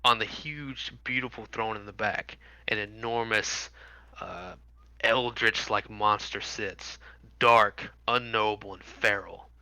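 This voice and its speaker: A man's voice: fairly low pitch, fairly even intonation, takes it slowly, sharp tone, clear, resonant tone, dry recording, poor audio. A man narrating as dungeon master of a tabletop game, describing scenes vividly with frequent fillers.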